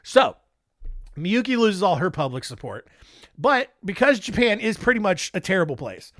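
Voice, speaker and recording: A man's voice: high voice, very animated, moderate pace, a bit bright, dry recording. A man hosting a comedic storytelling podcast, rambling with joking, defensive asides and frequent laughter, on a close mic. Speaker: podcast host.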